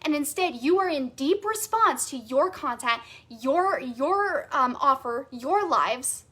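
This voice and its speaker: A woman's voice: high-pitched, expressive, takes it slowly, bright, forceful tone. A woman coach teaching a live masterclass, enthusiastic and emphatic, repeating phrases for stress with casual fillers. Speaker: sales and human design coach.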